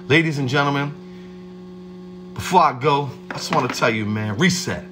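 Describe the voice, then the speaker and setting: High, lively man giving a hyped pep talk. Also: normal speed, background noise. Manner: hyped, streetwise, shouts out viewers by name. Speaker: livestream host. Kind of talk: motivational livestream pep talk.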